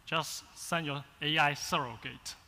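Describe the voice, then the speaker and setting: Chinese-accented guy giving a keynote, choppy phrases, high bright voice, big echoey hall. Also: fairly even intonation, gravelly. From China. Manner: halting short phrases with fillers. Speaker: agency founder, keynote speaker. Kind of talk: conference keynote speech. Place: large conference hall. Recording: long reverb in a conference hall.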